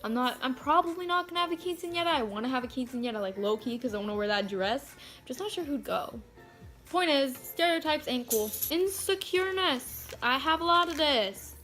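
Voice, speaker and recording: A teenage girl talks to her phone camera in a brightly pitched, casual voice. She is frank and swears freely, with plenty of "like" along the way. Soft music sits faintly behind her. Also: expressive, a little fast. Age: teens. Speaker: vlogger.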